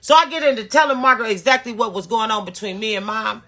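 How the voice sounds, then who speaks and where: Ranting to her audience in a storytime video, this woman in her fifties curses liberally and hammers her points home by repeating them. She talks fast in a bright, sharp, slightly high voice with an insistent, emphatic manner.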